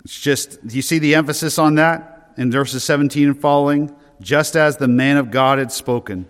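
Male preacher in a reverberant hall. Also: a little high. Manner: earnest preaching, slowing down to stress key words. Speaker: pastor. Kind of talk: sermon.

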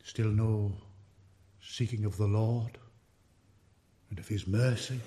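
A man preaching a sermon, slow and emphatic, his voice rising in force on key words and falling away at the ends of sentences. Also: lowish voice, fairly even intonation, dark tone. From United Kingdom.

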